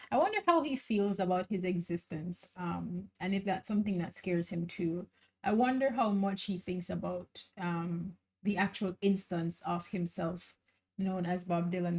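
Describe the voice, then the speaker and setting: A woman hosting a reaction channel, thinking out loud in a casual, musing way with many fillers and pauses. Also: on the low side. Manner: thoughtful, musing, trailing off with frequent laughs and fillers.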